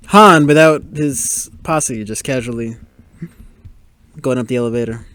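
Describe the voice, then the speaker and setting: A man with a mid-range, slightly bright voice speaks slowly on a podcast, chatting casually over a film as it plays. He exclaims, reacts aloud, and jokes at the characters scene by scene, and the recording has no echo.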